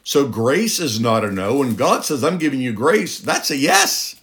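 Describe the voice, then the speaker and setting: A man's voice: medium pitch, sing-song, a little slow, fairly bright tone. A middle-aged man preaching a sermon, emphatic, with rhetorical questions and a voice that climbs on key points.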